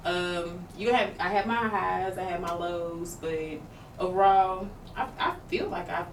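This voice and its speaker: A woman's voice: on the low side, fairly even intonation, unhurried. Woman talking candidly in a roomy space. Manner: open, rambling, with many fillers. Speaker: podcast co-host. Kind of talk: candid personal talk. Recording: roomy, far from the mic, noisy background.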